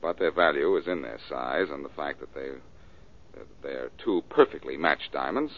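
An actor in an old radio drama playing a cocky, wisecracking reformed-thief detective. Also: male voice, rumbling low, expressive, moderate pace. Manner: dry wisecracks, easygoing. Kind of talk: 1940s radio acting. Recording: dull old radio broadcast.

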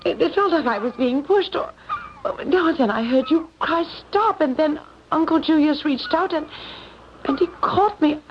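Delicate pale young woman, old radio drama, fry in the voice, muffled lo-fi sound. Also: medium pitch, a little slow. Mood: shaken. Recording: dull old radio recording with faint hiss.

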